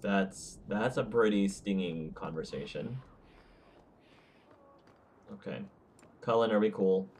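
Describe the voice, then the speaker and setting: A man's voice: fairly low pitch, slow, pauses often, darkish tone, a little hiss or hum. A man hosting a let's play, chatting casually and correcting himself as he goes. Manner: rambling, self-correcting, chatty. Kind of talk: casual gameplay commentary.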